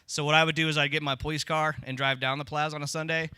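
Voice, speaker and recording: Wry stand-up man, slightly high voice. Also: little pitch movement, rapid-fire, pushed and bright, clear, resonant tone, dry recording, clean studio sound. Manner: wry, conversational storytelling with tag lines. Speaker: stand-up comedian. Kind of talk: stand-up comedy set. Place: comedy club stage with audience laughter.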